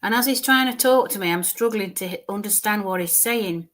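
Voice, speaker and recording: In a mid-pitched voice, a woman conducts a live mediumship reading. Her delivery is hesitant, full of repeated and restarted words as she relates what she sees, with occasional dips into hushed murmuring.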